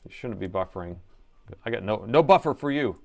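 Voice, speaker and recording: A middle-aged man talks loosely through a laptop repair on a live stream. He jokes with viewers and reads their chat aloud as he works, in a relaxed, chatty way. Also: lowish voice, brisk, gravelly. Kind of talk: casual live-stream chat while working.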